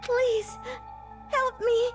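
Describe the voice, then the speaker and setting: A woman's voice: very high-pitched, level tone, very slow, exaggerated voice. An actress playing a frightened teenage girl with a small, shaky voice, heard as a game voice clip. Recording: game voice clip with loud music. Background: music.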